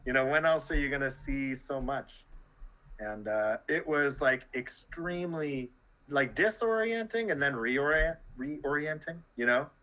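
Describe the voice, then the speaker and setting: A man's voice: a little high, expressive, measured pace, sharp tone, rough recording. A Canadian man, a journalist, talking as an interview guest in a loose, rambling way full of "like" and restarts. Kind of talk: casual interview conversation.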